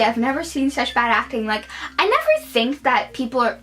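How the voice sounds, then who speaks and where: Slow-talking chatty woman reviewer. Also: high voice, big pitch swings, fairly bright tone, soft background music, rough recording. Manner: chatty, opinionated, many fillers. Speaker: movie reviewer. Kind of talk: casual vlog review.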